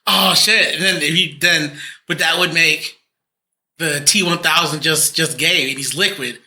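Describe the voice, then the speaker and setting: Giggly high-voiced podcast man. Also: a little slow. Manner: giggly, animated storytelling, slips into impressions. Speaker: podcast co-host. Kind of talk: casual comedic banter.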